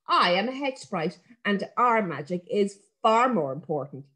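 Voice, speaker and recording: A woman voicing a tiny, shy male hedge sprite in a read-aloud storybook, squeaky and fussy. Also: very animated, a little slow, fairly bright tone. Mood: proud.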